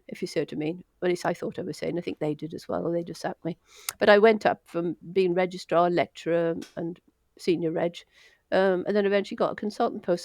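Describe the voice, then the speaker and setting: A woman's voice: mid-range voice, no room sound, studio quality. Chatty older woman, laughing often. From Wales. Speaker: doctor, guest. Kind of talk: casual storytelling interview.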